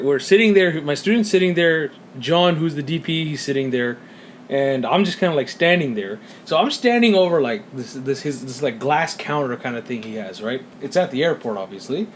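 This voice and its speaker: Male podcast co-host, animated and profane storyteller, light background noise. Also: fairly high pitch, normal speed. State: sleepy. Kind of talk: casual chat.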